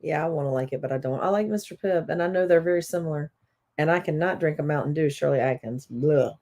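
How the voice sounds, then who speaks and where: A woman with a somewhat low voice, co-hosting a casual live stream. She talks in a folksy, opinionated way. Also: quick pace, dark tone.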